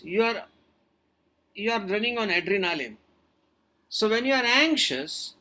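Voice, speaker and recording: A man's voice: sits high, bright, forceful tone. A man who is a doctor, answering audience questions over a video-call webinar in an earnest, advising way and repeating his key points.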